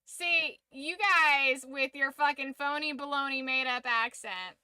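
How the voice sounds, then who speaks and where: An American woman streams a game and chats loosely as she plays, wandering into jokes and opinionated tangents. She has a high voice with a sharp tone and speaks unhurriedly. There's no echo on the recording.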